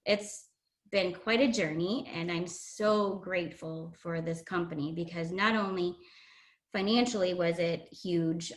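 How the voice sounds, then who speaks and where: A woman guest shares a personal testimony in an earnest, emotional way, often pausing with fillers. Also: lowish voice.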